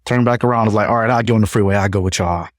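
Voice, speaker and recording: A young man, a podcast guest, telling his own story in a casual, animated way and acting out what others said. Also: fairly low pitch, racing, dry recording, clean studio sound. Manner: animated retelling, acts out others' voices.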